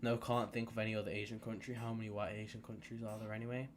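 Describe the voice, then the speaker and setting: A man's voice: lowish voice, flat delivery, fast talker, background noise. A young man casually chatting as he hosts a live football watch-along, rambling and repeating himself as he talks. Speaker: live stream host.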